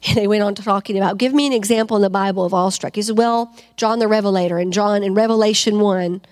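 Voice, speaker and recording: A woman preaching a fervent sermon to a congregation, asking them questions and rising to loud cries. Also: mid-range voice, fairly even intonation, fast. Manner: asks the crowd questions.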